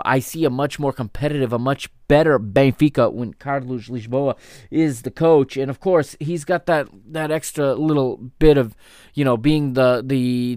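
A man's voice: medium pitch, darkish tone, smooth, no echo, studio quality. A man giving casual play-by-play of a basketball game as a fan commentator, drifting into chatty, rambling asides.

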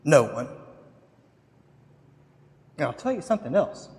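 A man's voice: a little high, big pitch swings, measured pace, a little mellow, long reverb tail. A man preaching a sermon, telling a story dramatically. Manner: dramatic storytelling with acted quotes. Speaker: pastor.

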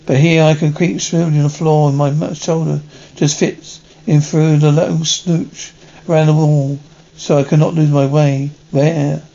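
A man reading a first-person story aloud in a halting, stumbling way, often restarting words. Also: on the high side, flat delivery, gravelly, warm tone. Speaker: reader. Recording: dull lo-fi recording.

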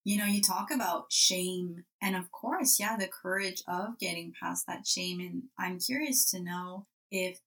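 A woman's voice: lowish voice, measured pace, few pauses, a bit bright. A woman hosting a casual interview, asking curious questions and affirming often. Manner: curious, affirming with frequent yeahs.

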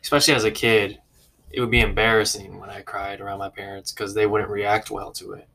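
A man's voice: lowish voice, flat delivery, brisk, gravelly, bright, forceful tone. A man in casual conversation, thoughtful and questioning, with many filler words. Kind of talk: casual chat.

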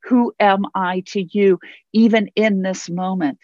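A woman's voice: medium pitch, steady tone, measured pace, a little mellow, no room sound. Lady pastor preaching, earnest, repeats stuff for emphasis, dry dull sound. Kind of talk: sermon.

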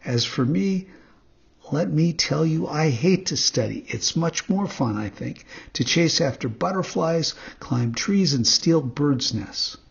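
A man voicing a rude, impatient wooden puppet boy in a husky voice, on a dull recording. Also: a little high, lively intonation, exaggerated voice. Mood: defiant. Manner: rude, hot-tempered, quick.

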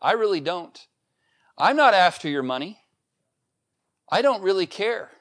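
A man's voice: high-pitched, big pitch swings, unhurried, fairly bright tone. A man preaching a sermon as pastor, talking casually to the congregation and growing emphatic when he reads scripture. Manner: conversational preaching, rising to emphatic scripture reading.

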